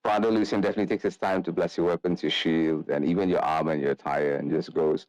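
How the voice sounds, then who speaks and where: A man narrating as game master of a tabletop game, in a loose, relaxed way with many fillers. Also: low voice, fast talker, few pauses, no room sound, rough recording.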